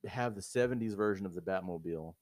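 A man co-hosting a podcast in casual chat, jokey and animated, swearing freely. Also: sits low, fast, dry recording. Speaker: podcast co-host.

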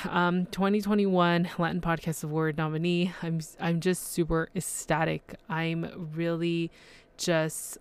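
Solo podcast host, woman, effusive and overwhelmed, smooth but gravelly voice. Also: on the low side. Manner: effusive, gushing, many fillers and restarts. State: emotional and overwhelmed.

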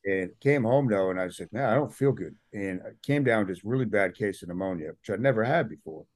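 Low-voiced man telling a story. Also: quick pace, no echo. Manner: animated storyteller, acts out quotes. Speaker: podcast guest. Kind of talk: casual interview storytelling.

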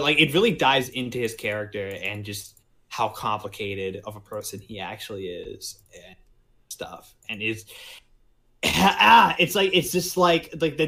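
A man hosting a casual podcast chat, talking in animated bursts and stumbling over his own restarts. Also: medium pitch, measured pace, gravelly. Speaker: podcast host.

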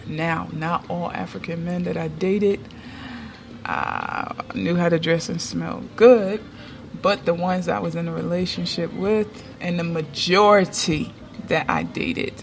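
A woman vlogging to her viewers in a relaxed, unhurried way, her low voice carrying a gravelly fry. She is chatty and emphatic, often pausing to check in with "okay?". A faint hum of noise sits behind her. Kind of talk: casual opinion vlog.

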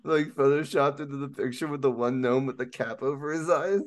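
A man's voice: mid-range voice, steady tone, fairly quick. A young man co-hosting a casual podcast, joking with friends, swearing and laughing often. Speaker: podcast co-host. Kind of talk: casual banter among friends.

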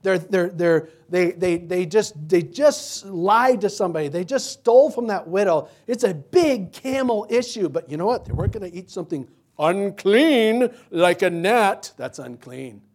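A man's voice: high voice, lively intonation, normal speed, hardly any pauses, darkish tone. A man preaching a sermon in a conversational, joking way, asking the congregation questions. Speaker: pastor.

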